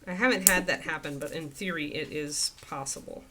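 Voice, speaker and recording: A woman's voice: a little fast, noisy background. A woman hosting a casual miniature painting livestream, chatting freely with viewers and breaking off to talk to her dog. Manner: chatty, talks to her dog in a high sing-song voice.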